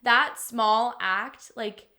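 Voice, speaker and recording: A woman's voice: fairly high pitch, extremely slow, bright, forceful tone. A young adult woman co-hosting a podcast, telling personal stories in casual chat with lots of "like". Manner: chatty, emotional storytelling full of "like". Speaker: podcast co-host.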